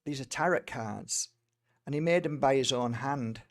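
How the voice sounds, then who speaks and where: A man's voice: mid-range voice, normal speed. A middle-aged man from Britain, an energy healer, telling a personal story in a rambling way, with many fillers and restarts. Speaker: energy healer and tarot reader.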